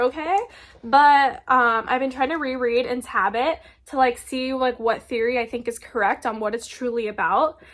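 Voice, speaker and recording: High-voiced, gushing young woman. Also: fairly bright tone. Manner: gushing, chatty, full of filler words. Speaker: book reviewer. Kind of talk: casual book recommendation vlog.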